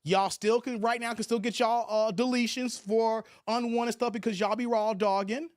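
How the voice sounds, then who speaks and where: A man's voice: extremely high pitch, fairly even intonation, moderate pace, dry recording, clean studio sound. A man hosting a casual livestream, chatting loosely and reading viewer comments aloud. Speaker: livestream host.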